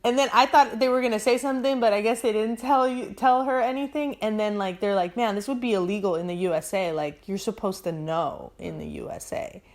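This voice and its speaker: Woman vlogger, casual chatty plot recap, voices the characters' quotes, medium pitch. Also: brisk, hardly any pauses. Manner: chatty, filler-heavy storytelling with acted-out quotes. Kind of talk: casual movie recap to a sibling.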